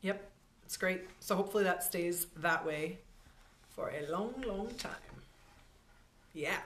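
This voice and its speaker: A young woman co-hosting a casual podcast from home, playful, with quick interjections. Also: lowish voice, a bit bright. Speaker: podcast co-host.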